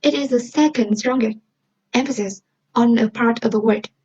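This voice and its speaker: A woman's voice: on the high side, normal speed, a little mellow, slightly rough. A young woman with a Vietnamese accent, a Vietnamese native speaker, giving a student class presentation in a careful, explanatory way and quizzing the listener. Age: young adult. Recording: dull lo-fi recording.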